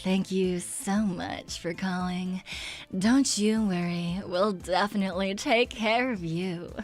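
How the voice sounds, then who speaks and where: A woman voicing a polite female customer-service raccoon on a game stream, slow and sing-song like a service-desk greeting. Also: medium pitch, pitched below the performer's own voice, lightly acted. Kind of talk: comic voice bit on a game stream.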